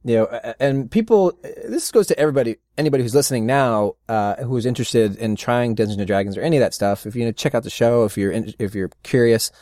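A middle-aged man, a voice actor, chatting casually as an interview guest and telling rambling, animated stories with frequent laughs. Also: mid-range voice, fast, hardly any pauses, no echo, clean studio sound. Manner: rambling, animated storyteller who laughs often. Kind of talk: casual anecdotal chat.

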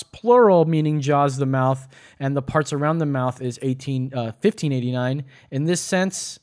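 A man hosting a quiz game among friends, joking and swearing as he explains answers. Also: fairly high pitch. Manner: joking, profane, explains at length. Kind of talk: casual podcast chat.

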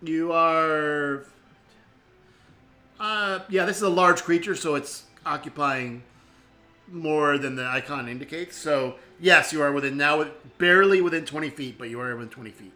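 Bright-voiced male dungeon master. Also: a little high, normal speed, soft background music. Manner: hesitant, restarts often. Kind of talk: narrating a tabletop game.

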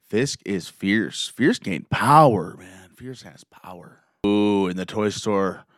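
A man excitedly recapping a show episode scene by scene, gushing like a fan. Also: lowish voice, slow pace, no echo, studio quality.

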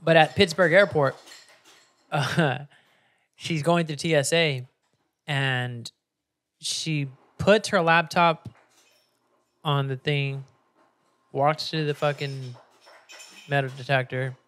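A man's voice: fairly high pitch, slow pace, long pauses. A man co-hosting a podcast who tells a casual story to friends, swearing freely and acting out the people he quotes. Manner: profane, animated, acts out quoted people. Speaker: podcast co-host.

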